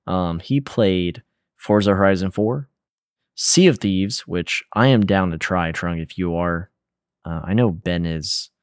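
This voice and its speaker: Deep-voiced laid-back young man. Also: measured pace, smooth, no echo, clean studio sound. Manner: relaxed, rambling, lots of fillers and slang. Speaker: podcast co-host. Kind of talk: casual gaming podcast chat.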